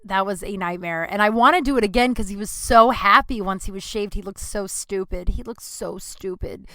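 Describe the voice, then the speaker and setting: A woman's voice: medium pitch, pushed and bright, no echo. A young woman hosting a podcast, telling a casual, rambling story with lots of restarts, self-mocking and swearing freely. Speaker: podcast host. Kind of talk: casual monologue.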